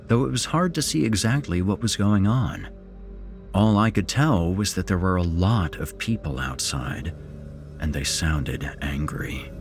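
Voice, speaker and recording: A man narrating a horror story in a measured, dramatic storytelling manner, as host of a podcast. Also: deep voice.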